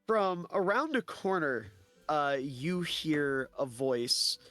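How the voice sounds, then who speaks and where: A man's voice: fairly high pitch, lively intonation, slow, fairly bright tone, no echo, soft background music. A man narrating a tabletop game as game master, loose and rambling with many fillers.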